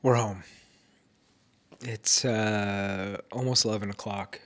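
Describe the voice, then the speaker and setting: Guy with a blocked-up nose, kinda low voice, slow and tired, rambling vlog recap from home late at night. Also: steady tone, a bit bright. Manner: rambling, with fillers and restarts. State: stuffed-up nose. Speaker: vlogger.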